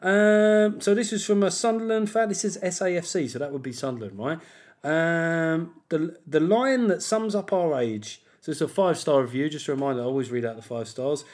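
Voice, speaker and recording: A man's voice: fairly high pitch, expressive, normal speed. A man hosting a podcast alone, chatting casually in a rambling, jokey, self-deprecating way. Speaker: podcast host. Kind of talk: casual solo podcast chat.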